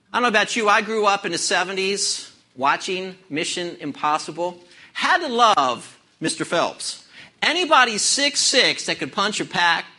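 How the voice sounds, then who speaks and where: A male pastor in his fifties delivers a sermon with a high, very lively voice. His tone is bright and forward, and he tells stories in an animated way. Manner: animated storytelling, plays out voices in jokes.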